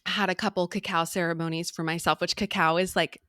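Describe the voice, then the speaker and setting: A woman's voice: lowish voice, flat delivery, a little fast, fairly bright tone, dry recording, clean studio sound. A woman co-hosting a podcast in casual chat, earnest and reflective, full of "like" fillers. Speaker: podcast co-host.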